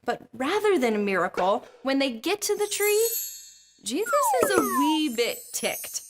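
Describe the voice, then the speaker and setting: Female host for a kids Bible lesson, playful, jokey, with a high voice. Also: very animated, measured pace, very noisy.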